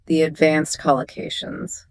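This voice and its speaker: A woman's voice: sits low, little pitch movement, unhurried, no room sound. Instructive woman co-hosting a lesson. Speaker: co-host of an English exam lesson. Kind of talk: scripted two-host lesson dialogue.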